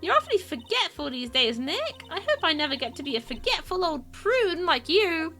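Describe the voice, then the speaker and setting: A woman's voice: very high-pitched, very animated, moderate pace, sharp tone, soft background music, pitched above the performer's own voice, full character voice. A woman voicing a cheerful, teasing young female sidekick in a game read-through. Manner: bubbly, teasing.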